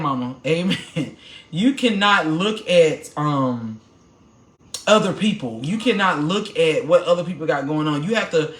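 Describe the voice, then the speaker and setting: A woman hosting a live stream tells a personal testimony like a short sermon, animated and preachy and talking straight to her viewers. Her voice rings in a roomy, echoey space. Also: fairly low pitch. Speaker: podcast host.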